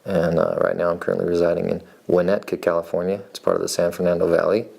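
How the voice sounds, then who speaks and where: A man in his forties from Nevada, with a deep voice that has a gravelly fry to it. He tells his life story in a relaxed, meandering way. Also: fast talker. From Nevada, USA. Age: 40s. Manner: rambling, laid-back, meandering. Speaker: reality show applicant, farrier. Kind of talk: casual personal storytelling.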